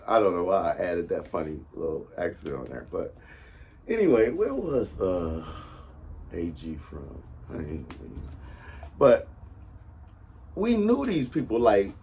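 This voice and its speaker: A man in his fifties talks through a casual, meandering monologue as the host of his own show. His voice sits low and carries a husky grain. He keeps checking in with his listener as he goes. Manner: rambling, meandering, often asks "right?".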